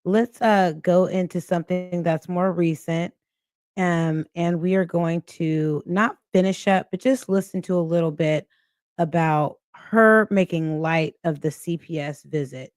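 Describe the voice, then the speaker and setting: Woman host reacting to clips, talks slow and kinda low, dry close mic, sounds fed up. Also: fairly even intonation, a little mellow, no echo. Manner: slow, critical, exasperated commentary. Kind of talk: casual commentary to livestream viewers.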